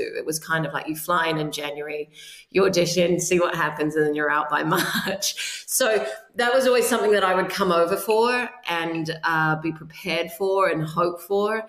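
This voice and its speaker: A woman in her forties from New Zealand, with a New Zealand accent, speaking as an actor giving earnest advice in a casual interview, often restarting her phrases. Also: sits low. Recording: roomy echo.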